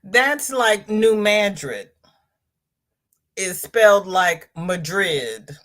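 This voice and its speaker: A woman chats through a relaxed crafting livestream. She talks slowly and rambles, reading comments aloud and laughing easily along the way. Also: medium pitch. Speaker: crochet channel host reading live chat. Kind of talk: casual livestream chat.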